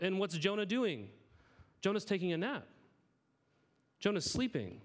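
Thirties male pastor, chatty and earnest sermon delivery, slightly raised pitch. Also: very animated, unhurried. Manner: earnest, conversational, repeats words when starting sentences.

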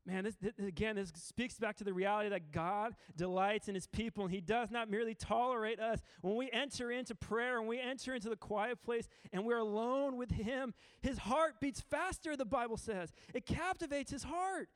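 A man's voice: very high-pitched, moderate pace, hardly any pauses, smooth, no room sound, studio quality. Earnest man preaching casually. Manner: earnest and informal, with frequent restarts and fillers. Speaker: pastor. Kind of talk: conversational sermon.

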